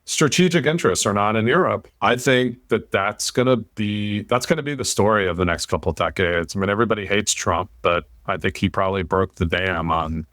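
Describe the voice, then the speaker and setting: Podcast host, American man, low voice, dry close sound, blunt and opinionated. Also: a little fast, hardly any pauses, no echo. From United States. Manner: blunt, swears, animated rants. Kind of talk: casual opinionated chat.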